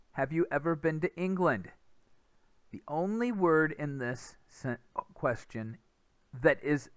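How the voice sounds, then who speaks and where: Man, English test teacher, bright tone, dry close sound, explanatory lecture, rhythm sounded out in syllables. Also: medium pitch, smooth, no room sound. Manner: explanatory, mimics speech rhythm with nonsense syllables. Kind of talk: recorded lecture over slides.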